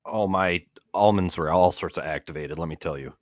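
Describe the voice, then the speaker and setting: A man with a low voice banters on a casual livestream in a dry, deadpan way. The sound is close and dry. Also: a little fast, dry recording. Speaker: stream co-host.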